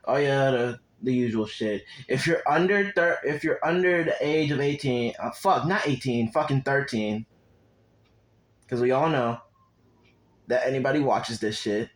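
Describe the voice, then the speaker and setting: A young man talks a little slowly in a medium-pitched voice, casually improvising a fan story. His delivery is rambling and full of cursing, with frequent breaks to speak to viewers, on a rough recording.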